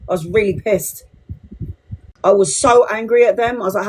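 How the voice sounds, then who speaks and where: A woman's voice: medium pitch, lively intonation, fairly quick, a little hiss or hum. Sweary chatty woman in her forties. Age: 40s. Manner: chatty, blunt and sweary, talking straight to viewers. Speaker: tarot reader on a livestream. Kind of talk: casual livestream chat to viewers.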